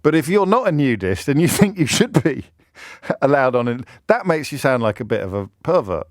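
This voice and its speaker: A man's voice: mid-range voice, sing-song, moderate pace, no room sound. An English man hosting a radio phone-in in a studio, wry and rambling, joking at his own expense and searching aloud for words. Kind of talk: talk radio monologue.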